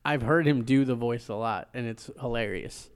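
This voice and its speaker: A man's voice: mid-range voice, normal speed, clear, resonant tone. Joking man in profane movie chat. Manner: profane, joking, frequent agreement.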